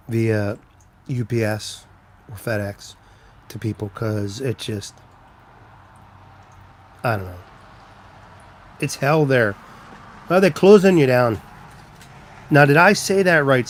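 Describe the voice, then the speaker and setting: Guy rambling on a home livestream, mid-pitched voice, carrying the camera round the house. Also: slight background noise. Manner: rambling, greets chat viewers by name. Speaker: livestream host. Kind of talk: casual live-stream chat. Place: walking around his home.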